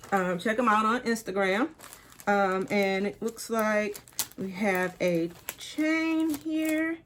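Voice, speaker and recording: A woman with a Detroit accent chatting excitedly to viewers as she unboxes a sneaker merch haul. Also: mid-range voice, a little hiss or hum. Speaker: sneaker vlogger. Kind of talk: casual unboxing haul vlog.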